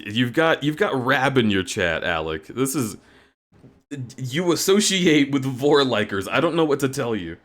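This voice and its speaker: Over game music, a man live-streams a video game and chats casually with his viewers, goofing around and teasing them. His voice is medium-pitched, sing-song and a bit bright, his pace unhurried, and there's a little hiss or hum in the recording.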